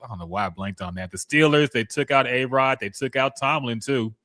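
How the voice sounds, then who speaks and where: A man co-hosting a casual sports podcast, relaxed and loose, who swears now and then and sometimes blanks on names. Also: medium pitch, brisk, dry recording, clean studio sound. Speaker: podcast co-host.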